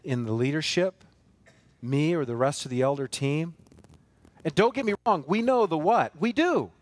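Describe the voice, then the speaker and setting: A man preaching a sermon as pastor of a church, earnest and emphatic, building force through repeated phrases and rhetorical questions. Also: medium pitch. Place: church sanctuary.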